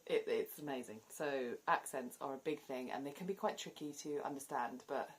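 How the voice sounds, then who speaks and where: A woman's voice: very deep voice, moderate pace. A woman with a southern English accent, chatting casually to camera as a vlogger and laughing often between points. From southern England. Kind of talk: casual explanatory vlog.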